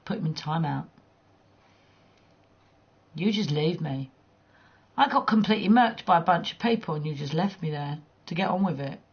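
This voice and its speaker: A woman chats and teases her viewers while gaming, blunt and quick to swear. Her voice is husky and breathy, with a gravelly edge. The sound is dull and lo-fi, like a cheap stream mic. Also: low voice, animated. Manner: blunt, teasing, swears freely, laughs often. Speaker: livestreamer. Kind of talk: casual chat while gaming.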